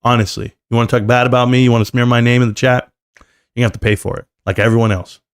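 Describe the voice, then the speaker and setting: A middle-aged man rants on a home live stream with a mid-range voice that jumps up when he gets worked up. He talks straight at his chat in a loose, animated way. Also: medium pitch, fast talker, clear, resonant tone. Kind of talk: casual live-stream rant.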